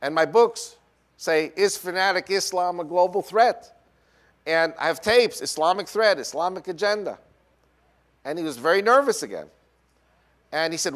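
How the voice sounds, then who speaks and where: A man's voice: high-pitched, normal speed, pauses often. A man from New York with a New York accent, giving a lecture full of personal anecdotes and frequent "uh" fillers. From New York, USA. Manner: animated storyteller, frequent "uh" fillers. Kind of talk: lecture mixed with personal storytelling.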